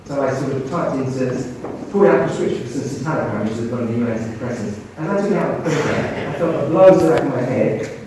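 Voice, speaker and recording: A man's voice: medium pitch, animated, fast talker, hardly any pauses. A man, a doctor and medium, telling his stories as anecdotes in an interview, acting out the voices of people he quotes. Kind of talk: storytelling in an interview. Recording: echoey room, speaker far from mic, faint noise.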